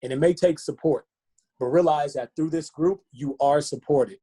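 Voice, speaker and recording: Mellow-voiced earnest male fitness coach. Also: a little high, moderate pace, slightly rough. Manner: earnest, repetitive rhetorical questions. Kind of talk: motivational talk.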